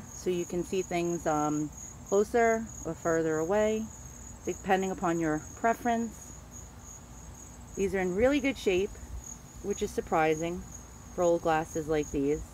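A woman's voice: lowish voice, a little mellow, slight background noise. A middle-aged woman with a Queens, New York accent, chatting casually as she shows off antiques and stumbles over names. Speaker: antique dealer. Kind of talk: casual show-and-tell.

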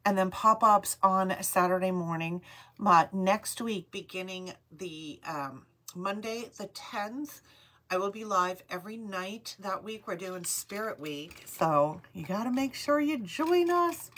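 A woman's voice: medium pitch, lively intonation, pushed and bright. Rhode island lady doing a jewelry livestream, takes her time, says every number twice, says hi to everyone. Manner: reads item numbers slowly and repeats them, greets viewers by name. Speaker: host of a live jewelry sale. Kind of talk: live-stream sales chat.

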